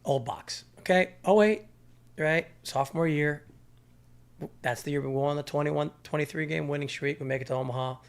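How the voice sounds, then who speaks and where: A man in his thirties telling a lively story as a podcast guest, often breaking into laughter. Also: fairly high pitch, moderate pace, creaky. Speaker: podcast guest, former college catcher. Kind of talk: casual storytelling chat.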